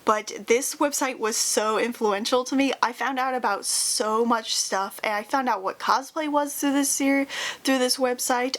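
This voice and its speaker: Youngish woman rambling to her viewers, kinda high voice, lots of likes and ums, wistful and a bit teary. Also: a bit bright. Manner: rambling, lots of fillers and trailing restarts; wistful and nostalgic, near tears. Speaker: YouTuber. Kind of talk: casual chat.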